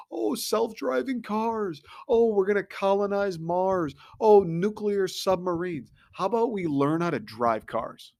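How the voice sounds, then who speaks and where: A man hosting a show, delivering a profane, sarcastic comedic rant in an exasperated tone. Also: fairly high pitch. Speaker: podcast host.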